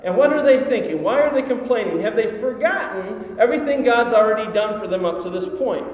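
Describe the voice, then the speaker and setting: High-voiced pastor in an echoing hall. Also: male voice, lively intonation, fairly quick. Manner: storytelling, rhetorical questions. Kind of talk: sermon. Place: large echoing church hall. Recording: echoey hall reverb.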